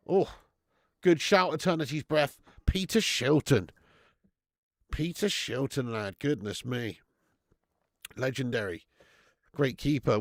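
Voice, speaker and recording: A middle-aged man, chatting excitably through a live football watch-along, swearing and bantering with his viewers. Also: on the high side, dry recording, clean studio sound.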